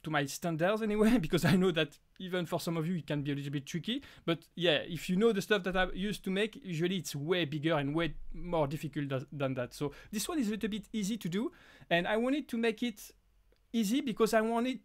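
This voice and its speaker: A man from France with a French accent, whose first language is French, hosting a casual live Q&A and talking in halting bursts full of restarts. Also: high voice. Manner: halting, frequent restarts and fillers. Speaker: live stream host.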